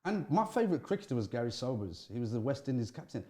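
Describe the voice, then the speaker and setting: He is a fast talker, a middle-aged man being interviewed about his youth. The stories come out candidly, with animated pitch shifts and frequent false starts.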